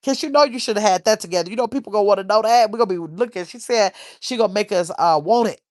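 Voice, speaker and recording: A woman's voice: mid-range voice, fast, darkish tone, no echo, studio quality. A middle-aged woman hosting a casual livestream, rambling and reading viewer comments aloud. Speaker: livestream host.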